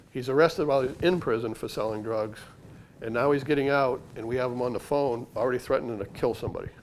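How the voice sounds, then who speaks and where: Speaking to a crowd in a library meeting room, a retired undercover agent and author, an older man, tells his stories in a punchy, chatty manner. His voice is mid-range, and the recording carries a little hiss or hum.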